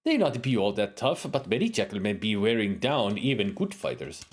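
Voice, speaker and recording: A man's voice: on the low side, sing-song, moderate pace. A man voicing a proud spear-fighting warrior woman in broken English with a wandering put-on accent. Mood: warning. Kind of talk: reading game dialogue aloud in character.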